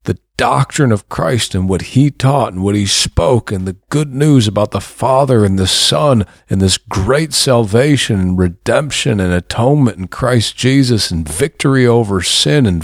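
A man's voice: mid-range voice, animated, moderate pace, few pauses, dry recording, studio quality. A man preaching a sermon, fervent and building to emphatic bursts.

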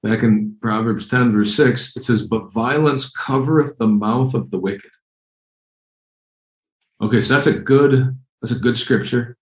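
A man's voice: medium pitch, measured pace, echoey room, poor audio. A man preaching a conversational, emphatic sermon, often repeating phrases as he explains Bible verses. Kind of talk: expository sermon.

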